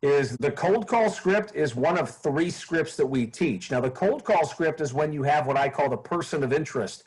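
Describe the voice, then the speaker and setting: Husky, animated man coaching cold calling. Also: on the high side, normal speed, low-quality recording. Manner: animated, acts out phone calls in a bright raised voice. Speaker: sales trainer, guest. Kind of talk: energetic podcast interview.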